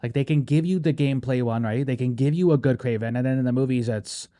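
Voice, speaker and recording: A podcast host chats casually and animatedly, sprinkling his talk with "bro" and "right?". His voice is mid-range and mellow, and he speaks quickly.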